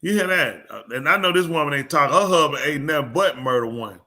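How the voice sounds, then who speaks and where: Animated man telling a story. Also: a little high, quick pace. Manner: animated storytelling with loud laughs. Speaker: co-host. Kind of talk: casual live call-in banter.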